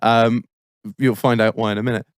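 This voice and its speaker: On his podcast, a man spins a long, rambling, swear-filled story, laughing often. His mid-range voice has little pitch movement and a clean tone at a moderate pace, with clean studio sound and no room sound.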